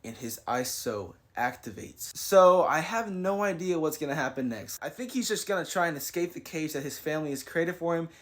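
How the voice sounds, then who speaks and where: A man's voice: on the high side, expressive, normal speed, few pauses. A man recapping and reviewing a manga chapter in a casual, slangy way, paraphrasing the characters' lines as he goes.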